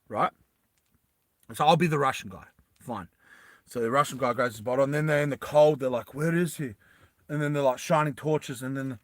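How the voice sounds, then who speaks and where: A man's voice: a little high, sharp tone, dry recording. A man telling an improvised story to listeners in a rambling, loose way, with lots of fillers and restarts, and jumping into the characters' lines. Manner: acts out characters' lines in quick bursts.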